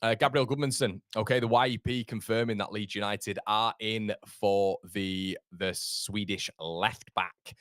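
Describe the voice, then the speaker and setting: Male football streamer, low voice, dry close sound, chatty and rambling, greets viewers by name. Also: fairly bright tone, no echo. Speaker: football channel host. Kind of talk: casual live-stream chat.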